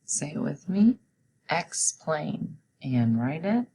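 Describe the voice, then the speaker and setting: A low-pitched woman reads out a spelling test at an unhurried, measured pace, like a teacher talking to young students. Each test word gets slow, careful stress. Soft hiss sits under her voice. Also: big pitch swings, poor audio. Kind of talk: recorded classroom spelling dictation.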